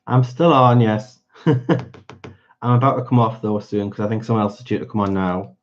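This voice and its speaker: A man's voice: mid-range voice, fairly even intonation, a little slow. A man, hosting a casual livestream and chatting to viewers by name while he colours. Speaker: livestream host. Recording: dull lo-fi stream audio.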